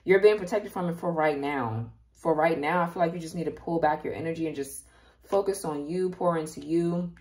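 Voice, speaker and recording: A woman's voice: low voice, fairly quick, darkish tone. A woman giving a casual tarot reading straight to her viewers, chatty and openly emotional. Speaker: tarot reader.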